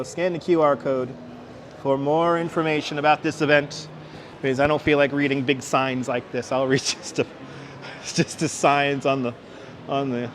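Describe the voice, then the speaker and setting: A man's voice: medium pitch, little pitch movement, measured pace, pauses often. Live-stream host, New York man, chatty and upbeat, outdoors on a lapel mic with faint street noise. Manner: chatty, reads out viewer names and signs. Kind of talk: casual live-stream walking tour. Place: outdoor city walkway at evening. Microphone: wireless clip-on mic.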